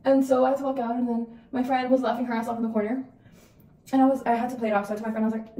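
A young woman in her twenties chats animatedly as she does her makeup, swearing freely. Her voice sits a little high. The recording sounds roomy and echoey, with her a bit away from the mic. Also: level tone, rapid-fire, mellow, distant mic. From El Paso, Texas. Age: 20s. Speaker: vlogger. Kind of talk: casual get-ready-with-me storytelling.

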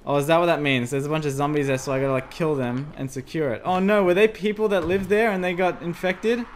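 Quick and fairly high-pitched, this man narrates a horror game demo as a let's play commentator. Every scare sets him off yelping "oh god" or "oh no," squealing excitably, while his desk USB microphone adds a faint hiss or hum.

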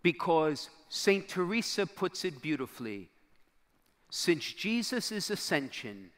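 A middle-aged bishop tells a story from the pulpit at an unhurried pace, lingering on pauses and sinking to near-whispers for effect. His voice sits a little high for a man. It rings out with a long reverb through a large hall. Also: sing-song, a bit bright. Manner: dramatic storyteller, acts out quoted dialogue, drops to near-whisper at key moments. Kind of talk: storytelling sermon to a youth crowd.

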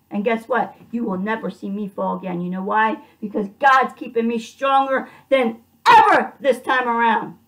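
Furious high-voiced woman venting. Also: moderate pace, hardly any pauses, recorded from a distance. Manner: furious, swearing, shouting bursts. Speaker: vlogger venting. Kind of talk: angry venting monologue. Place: at home.

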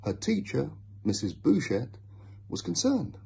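Man, storyteller, children's devotional reading, slow, expressive, husky, dark tone. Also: mid-range voice.

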